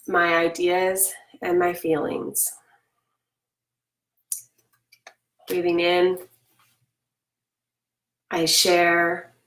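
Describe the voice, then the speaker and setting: A middle-aged woman with a mid-range voice talks calmly about parenting and guides listeners through slow breaths. She sits back from the mic in a roomy space, so her voice sounds distant and echoey. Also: medium pitch. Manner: calm, slow breathing cues and personal stories. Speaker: parenting talk host. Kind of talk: reflective talk with guided breathing.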